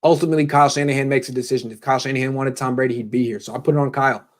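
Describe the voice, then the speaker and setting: A man hosting a casual live sports talk show, brisk, opinionated and jokey. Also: mid-range voice, fairly even intonation.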